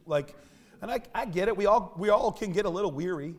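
A man preaching a sermon in a church, animated and conversational, with self-deprecating humor. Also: sits high, fast. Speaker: pastor. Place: church sanctuary.

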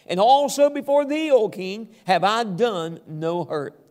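A male preacher acting out the old prophet Daniel, calling up cheerfully in a raised, high voice. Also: lively intonation, unhurried, a little mellow, long reverb tail. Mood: joyful.

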